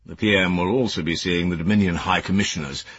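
A man's voice: sits low, steady tone, fast talker, a bit bright, slightly rough, no room sound, lo-fi sound. A man voicing a stern older former soldier, a senior private secretary who speaks in clipped, commanding, disapproving tones.

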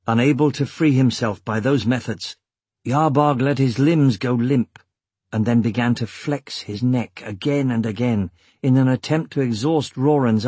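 A man narrating an audiobook with measured, steady storytelling. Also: fairly low pitch, husky, no room sound. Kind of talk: scripted narration.

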